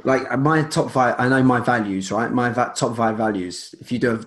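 A man's voice: mid-range voice, moderate pace, a bit bright. A man speaking as a guest in a casual interview, rambling with many restarts and fillers.

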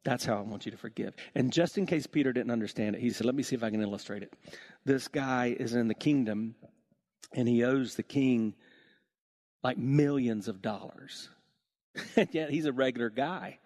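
A man preaching a sermon to his church, telling stories with lively acted-out voices. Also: moderate pace. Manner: animated storytelling, acts out voices with big swings in pitch. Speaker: pastor.

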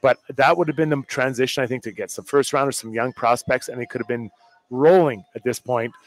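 A man's voice: mid-range voice, brisk, dry recording. A man co-hosting a sports talk show, giving plainspoken, opinionated hockey analysis. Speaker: co-host.

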